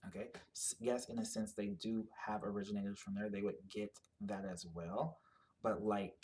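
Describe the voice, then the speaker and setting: A man's voice: fairly low pitch, moderate pace, darkish tone. A man giving a casual explanatory monologue, rambling and thinking aloud with many fillers and restarts. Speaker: commentator on genetic ancestry.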